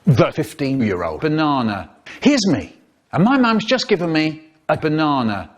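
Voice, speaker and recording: A man telling comic stories in an animated way, acting out voices and sound effects. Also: fairly high pitch, normal speed. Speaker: storyteller. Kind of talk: comic storytelling, spliced remix.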